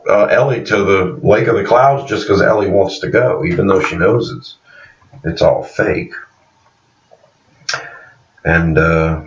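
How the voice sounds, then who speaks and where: Man, very deep voice, casual episode review, rambling, echoey room, muffled distant sound. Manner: rambling, with frequent fillers and restarts, laughing often. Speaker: TV series reviewer.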